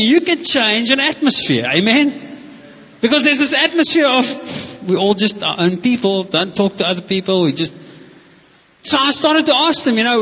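A man's voice: high voice, pushed and bright, slightly rough. A male pastor giving a conversational sermon, telling stories with enthusiasm and calling out to the congregation. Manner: enthusiastic, storytelling, calls out to the congregation. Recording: echoey hall, dull lo-fi sound.

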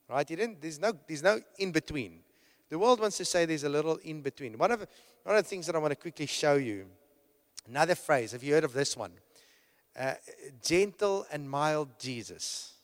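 A man preaching a sermon to a congregation. He talks emphatically, repeats and restarts his phrases, and keeps checking in with his listeners. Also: fairly high pitch. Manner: rhetorical, keeps checking in with "right?". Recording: long hall reverb.

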